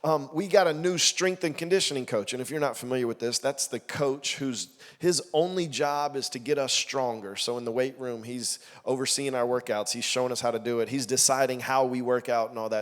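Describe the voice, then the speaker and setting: A young adult man preaching a sermon, telling a personal story in a lively way and acting out the voices he quotes. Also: medium pitch. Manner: animated storytelling, acts out quotes loudly. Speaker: pastor. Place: church auditorium. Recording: long reverb of a church hall.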